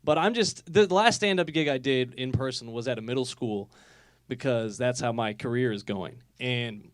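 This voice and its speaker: A man in his twenties doing a live stand-up set of energetic, self-deprecating observational jokes. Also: mid-range voice, moderate pace, dry recording. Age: 20s. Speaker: stand-up comic. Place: live comedy telethon venue.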